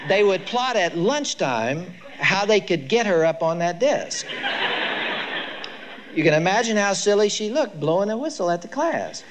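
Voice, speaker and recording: A man's voice: sits high, measured pace, slight background noise. An older man giving a lecture to a live audience, telling stories with emphasis. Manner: storytelling, emphatic, lively delivery. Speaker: speaker on child discipline.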